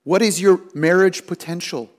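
A middle-aged man preaching a sermon, telling personal stories and acting out the voices in them. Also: moderate pace. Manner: storytelling, acts out quoted voices with rising pitch. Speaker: pastor.

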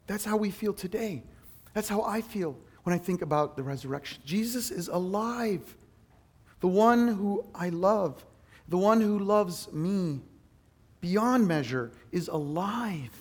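High-voiced earnest male preacher. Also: unhurried, husky. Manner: earnest, self-deprecating, animated storytelling. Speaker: pastor. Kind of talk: sermon.

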